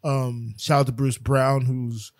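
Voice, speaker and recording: A man co-hosting a sports podcast, talking loosely and laughing often as he trails off and starts over. The sound is dry and close, with no room in it, and his pitch sits in the middle of the usual range for a man. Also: little pitch movement, slow pace, no room sound. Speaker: podcast co-host. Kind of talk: casual sports chat. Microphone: podcast microphone.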